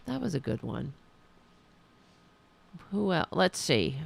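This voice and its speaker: A woman's voice: low voice, sing-song, slow, vocal fry, husky, no room sound. A woman podcast host giving sarcastic, mocking live political commentary and reading viewer comments aloud.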